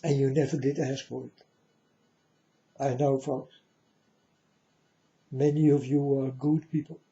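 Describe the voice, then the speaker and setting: A man giving a mournful prophetic warning monologue, slowly speaking straight to his listeners and calling them folks. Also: medium pitch, level tone, dark tone. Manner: slow, mournful, repeatedly addresses listeners as folks. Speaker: self-styled prophet. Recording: dull lo-fi audio.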